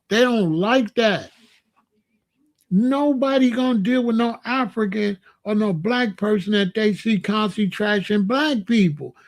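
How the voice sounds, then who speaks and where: A man delivering an emphatic, repetitive rant as a monologue, drawing out words for emphasis. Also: sits high. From Chicago. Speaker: commentator. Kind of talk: ranting monologue to camera.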